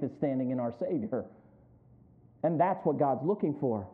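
A man's voice: mid-range voice, expressive, normal speed, pauses often. A male pastor preaching a sermon, with emphatic, rising calls and frequent questions to the congregation. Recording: tinny phone-like sound.

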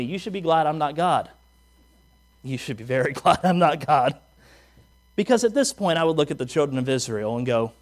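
High-voiced man preaching a sermon. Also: sing-song, brisk. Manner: humorous, conversational preaching with rhetorical questions. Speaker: pastor.

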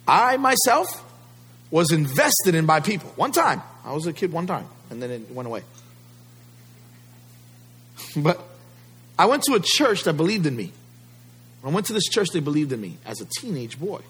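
Husky-voiced preacher asking rhetorical questions. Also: male voice, a little high, fairly bright tone. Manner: emphatic, rhetorical questions to the congregation. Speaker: pastor. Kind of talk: sermon.

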